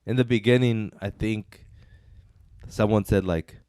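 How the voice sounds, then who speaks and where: A man's voice: fairly low pitch, steady tone, measured pace, long pauses, darkish tone, clear, resonant tone, no echo, studio quality. A man co-hosting a casual movie review chat, laughing often and restarting his sentences. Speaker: podcast co-host.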